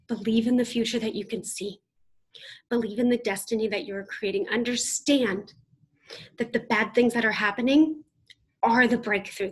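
A woman's voice: a little high, fairly even intonation, normal speed, breathy edge. A woman in her thirties giving a motivational keynote speech, emphatic and punchy, speaking straight to her audience. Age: 30s.

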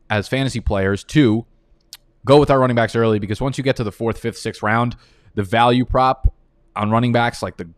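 A man with a lowish voice hosts a live fantasy football draft stream. His talk is casual and rambling, with the odd curse word. The sound is dry and close, with no room around it. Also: dry recording. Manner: casual, rambling, swears freely.

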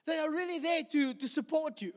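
A man with a South African English accent preaching a sermon, animated, acting out the voices of the people he quotes. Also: extremely high pitch, fairly quick. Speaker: pastor. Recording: long hall reverb.

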